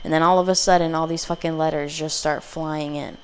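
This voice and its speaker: A woman's voice: deep voice, fairly even intonation, brisk, slight background noise. A woman giving a casual pick-a-card tarot reading, blunt, profane and rambling. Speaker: tarot reader.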